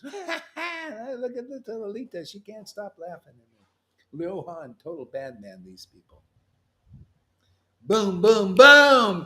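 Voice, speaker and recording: A man giving an animated sermon as a spiritual teacher, loud and mocking, yelling at times and breaking into laughter. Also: sits high.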